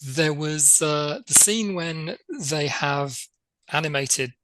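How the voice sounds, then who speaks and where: A man co-hosting a podcast, talking through a film in a measured, agreeable way with halting restarts. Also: fairly high pitch, background noise. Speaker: podcast co-host. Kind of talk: casual film discussion.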